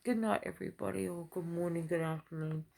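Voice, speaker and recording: A woman's voice: on the low side, steady tone, fast talker, vocal fry, background noise. A middle-aged woman chatting to camera in a rambling, heartfelt way, with many restarts. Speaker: vlogger. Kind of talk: casual chat to camera.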